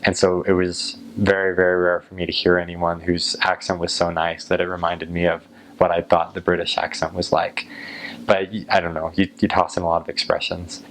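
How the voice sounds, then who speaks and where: An American man chatting casually to camera as a vlogger, unhurried and musing, with frequent ums. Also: low voice, completely flat delivery, a bit bright, slight background noise, poor audio. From United States.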